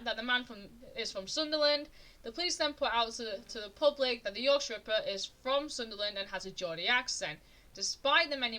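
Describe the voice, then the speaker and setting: A woman's voice: fairly high pitch, pushed and bright. A young adult woman streamer telling a true-crime story in a casual, chatty way, often indignant and restarting her sentences. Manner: chatty, indignant, with frequent restarts and rising emphasis.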